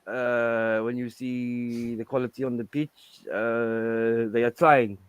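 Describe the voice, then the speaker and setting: A man doing a weary, soft-spoken football manager. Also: medium pitch, fairly even intonation, smooth, lo-fi sound, pitched below the performer's own voice, lightly acted. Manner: slow, hesitant, halting.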